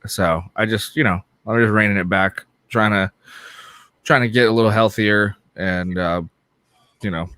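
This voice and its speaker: Male co-host, lowish voice, blunt and swearing, dry mic. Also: steady tone, moderate pace, bright, forceful tone, clear, resonant tone, dry recording. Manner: candid, swears freely. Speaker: podcast co-host. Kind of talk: casual chat.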